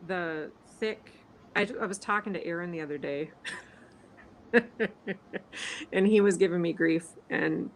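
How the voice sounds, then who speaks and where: A woman with a Minnesotan accent and a slightly low voice chats casually, snarky and laughing often. Faint noise hums behind her. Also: vocal fry, poor audio. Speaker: livestream co-host. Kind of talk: casual chat.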